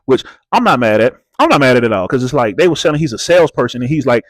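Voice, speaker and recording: A man's voice: mid-range voice, lively intonation, rapid-fire, dry recording. A man hosting a reality TV recap channel, talking casually and bluntly with slang, swearing and rhetorical questions.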